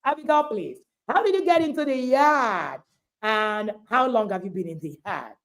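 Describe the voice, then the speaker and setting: Exuberant woman host, high lively voice. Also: moderate pace. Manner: exuberant, animated, laughs often. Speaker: host and parenting coach. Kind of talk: livestream interview.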